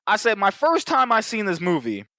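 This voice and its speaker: A high-voiced man talking a movie over in a loose podcast chat, swearing freely and throwing himself into the retelling. His tone is bright and sharp, and the recording is close and dry. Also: normal speed, dry recording. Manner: profane, animated, acts out monster voices. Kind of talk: casual movie review chat.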